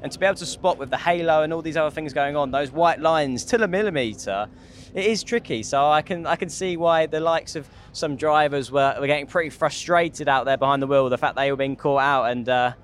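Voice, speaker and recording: Young male driver guest, talks fast and rambles, faint rumble behind. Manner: rapid, rambling, many restarts. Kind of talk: casual trackside chat. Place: outdoors in a racing paddock.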